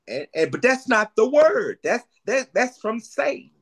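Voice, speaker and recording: A man preaching a sermon, lively and preacherly, repeating phrases for emphasis. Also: extremely high pitch, a little slow, few pauses, slightly rough.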